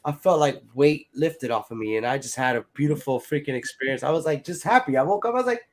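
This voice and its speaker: A fast-talking man with a fairly high, lively voice tells a wandering personal anecdote in relaxed chat, cursing often, leaning on "like" and "you know," and voicing the other characters himself.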